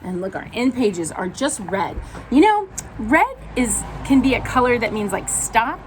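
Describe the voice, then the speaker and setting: Animated woman reading a picture book. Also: on the high side, measured pace, noisy background. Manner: animated, chatty asides. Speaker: parent reading aloud.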